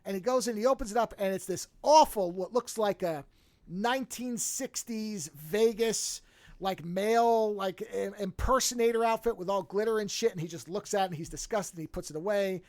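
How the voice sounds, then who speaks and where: Podcast host, mid-pitch, dry close studio mic, swears freely, animated recaps with acted-out quotes. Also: normal speed, no room sound. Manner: profane, animated storytelling, acts out characters' lines. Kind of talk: casual podcast chat retelling a film.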